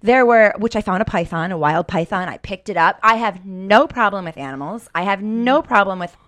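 A woman in her forties telling a personal story in casual podcast chat, animated and swearing freely, acting out her own thoughts. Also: mid-range voice, brisk, no echo. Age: 40s. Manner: animated, swearing, vivid storytelling with acted-out inner quotes.

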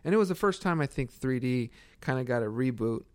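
A man's voice: medium pitch, expressive, fairly quick, no echo. A young man co-hosting a podcast interview, friendly, tripping over words and laughing easily. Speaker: podcast co-host.

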